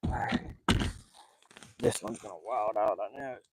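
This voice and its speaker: A man live-streaming a night fishing trip from a small boat, talking in an excited, rambling way and breathing heavily. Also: lowish voice, unhurried, a little hiss or hum, low-quality recording. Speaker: fishing vlogger. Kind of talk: live outdoor fishing vlog.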